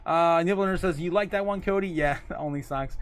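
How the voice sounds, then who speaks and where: A man's voice: high-pitched, normal speed, clean tone. A man hosting a casual livestream, rambling loosely, reading viewer comments aloud and laughing often between lines. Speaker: livestream host.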